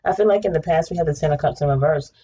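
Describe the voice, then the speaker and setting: A woman giving a casual tarot reading, chatty and blunt, swearing freely and breaking into excited laughter. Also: deep voice, very fast, slightly rough. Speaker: tarot reader. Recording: slightly dull home recording with faint noise.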